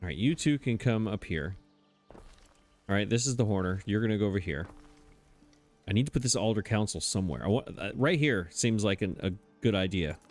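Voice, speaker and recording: Over faint background music, a brisk man with a fairly low pitch and lively intonation hosts a let's play. His casual commentary is chatty and puzzled, with plenty of self-mockery as he laughs at his own mistakes.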